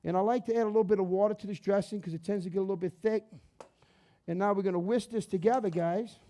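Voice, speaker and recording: Hosting a cooking show, a chef from around New Orleans, Louisiana, chats cheerfully through a demonstration, calling everyone "guys" and "baby". He talks fast in a high, warm voice.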